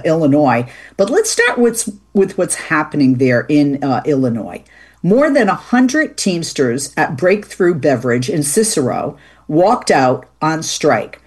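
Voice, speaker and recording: Woman, talk show host, low pitch, husky tone, chatty interviewer. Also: a little mellow. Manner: chatty, with fillers and restarts.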